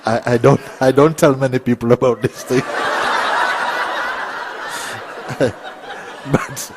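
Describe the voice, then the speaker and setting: A man speaking as a spiritual teacher to a live audience, telling a gentle story with frequent chuckles. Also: medium pitch, fairly even intonation, very slow, heavy background noise. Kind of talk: relaxed satsang talk.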